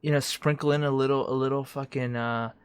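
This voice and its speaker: A man's voice: mid-range voice, fairly even intonation, a little fast, smooth, no room sound, clean studio sound. A young man co-hosting a podcast, chatting casually, joking and swearing freely. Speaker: podcast co-host. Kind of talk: casual chat.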